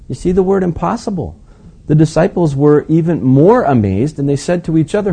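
A man's voice: a little high, very animated, a little fast, warm tone, slightly rough. A man preaching a sermon in a conversational, folksy way, with joking asides to his congregation. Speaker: pastor.

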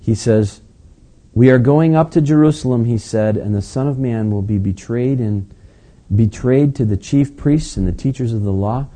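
A man's voice: mid-range voice, moderate pace, dark tone. A man preaching a sermon in a conversational, folksy way, with joking asides to his congregation. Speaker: pastor.

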